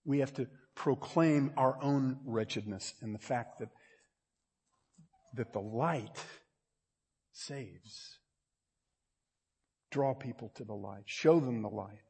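A man preaching a sermon in a conversational way, repeating himself and building to loud, emphatic peaks. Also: mid-range voice, slow pace, long pauses, husky. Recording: long reverb of a large hall.

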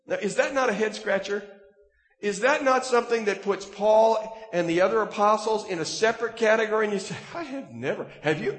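Male pastor, sermon delivery, emphatic swells, higher voice, roomy echo. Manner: animated preaching, voice rising to emphatic peaks. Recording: echoey hall, reverberant room.

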